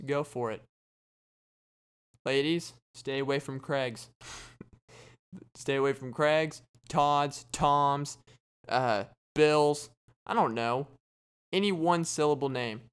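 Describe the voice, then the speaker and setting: A man hosting a podcast, giving a casual joking monologue in a deadpan way and acting out little imagined conversations. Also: medium pitch, smooth. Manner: deadpan, joking, acts out quoted exchanges. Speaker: podcast host.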